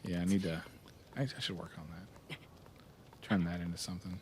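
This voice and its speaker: A man's voice: low-pitched, steady tone, fairly quick, noisy background. A man co-hosting a casual gaming podcast, easygoing and dry, mostly chiming in with short agreements. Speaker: podcast co-host.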